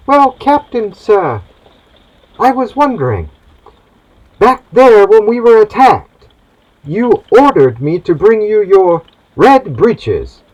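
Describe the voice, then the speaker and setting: A man's voice: sits high, sing-song, slow, pauses often, darkish tone, lo-fi sound, voice pushed up, exaggerated voice. A man voicing an eager, polite young cabin boy on a ship who speaks earnestly and deferentially to his captain. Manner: earnest, deferential, wide-eyed.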